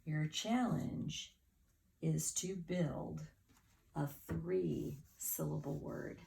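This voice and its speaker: Woman teacher, low and gravelly, unhurried phonics lesson, spells words out letter by letter. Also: dark tone. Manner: slow, clear word-by-word spelling with claps and sounding out.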